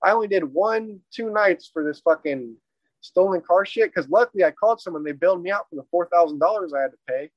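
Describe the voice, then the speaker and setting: A man with a notably high speaking voice recounts a personal mishap in loose, profanity-laced storytelling. His delivery rambles and stays animated. The recording is dry and close, with a dull, lo-fi tone. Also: brisk, dry recording.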